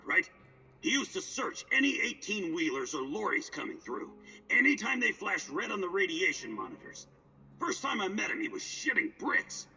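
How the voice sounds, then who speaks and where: A man's voice: high-pitched, creaky, bright, forceful tone, husky, far from the mic, exaggerated voice, poor audio. An actor playing a crude, boastful male stalker who tells wild stories in a coarse, swaggering way. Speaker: game character.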